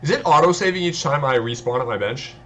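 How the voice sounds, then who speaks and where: A man's voice: medium pitch, animated, fast talker, fairly bright tone, a little hiss or hum. A man streaming a video game, chatting casually and poking fun at his own play while answering his viewers. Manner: self-deprecating, talks to chat. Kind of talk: casual let's-play chat.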